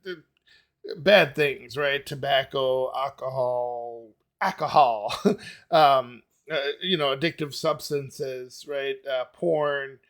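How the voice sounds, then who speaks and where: A man's voice: medium pitch, slow pace, fairly bright tone. A man hosting a music reaction, thinking aloud casually with lots of fillers and restarts. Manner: musing aloud, many fillers and restarts, laughs easily. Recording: music playing behind the voice.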